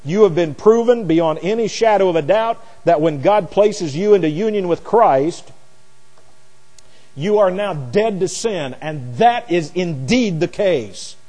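A man's voice: high voice, unhurried, warm tone. Emphatic male preacher in a reverberant hall. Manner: emphatic, repeats words, self-corrects. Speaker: preacher teaching scripture. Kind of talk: expository Bible teaching. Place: classroom or church with a board.

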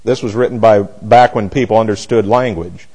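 A man's voice: on the low side, normal speed, a little mellow, slightly rough, low-quality recording. A man teaching a Bible class, blunt and emphatic, often restarting his sentences.

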